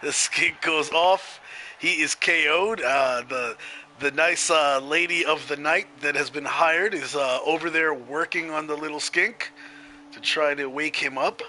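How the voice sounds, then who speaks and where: A man's voice: on the high side, a little slow, pushed and bright, slight background noise, poor audio. A man commentating a video game match in a chatty way, laughing easily.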